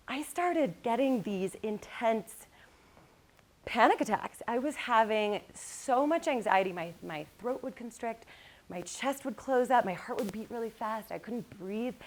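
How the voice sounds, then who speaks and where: A woman giving a live motivational talk, telling lively personal stories with frequent laughs and speaking directly to the audience. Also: on the high side, moderate pace. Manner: animated storytelling, laughs often, addresses the crowd.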